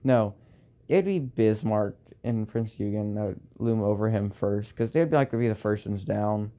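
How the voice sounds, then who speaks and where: A young man improvising a fan story aloud, halting and restarting with lots of fillers and sighs. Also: on the low side, warm tone.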